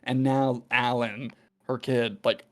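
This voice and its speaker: A man's voice: mid-range voice, level tone, slow. A man hosting a podcast, telling rambling, profane stories in casual chat and laughing often. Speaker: podcast host.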